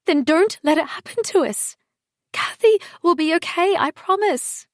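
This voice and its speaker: A woman narrator voicing a heartbroken, furious young woman, her lines raised and higher than the narration, read slowly. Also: animated, no room sound, clean studio sound. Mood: angry.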